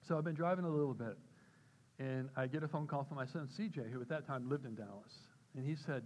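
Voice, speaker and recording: Older man telling a lively testimony story. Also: fairly quick, slight background noise, rough recording. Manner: storytelling, acts out quoted voices with pitch jumps. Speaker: church speaker. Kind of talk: personal testimony talk.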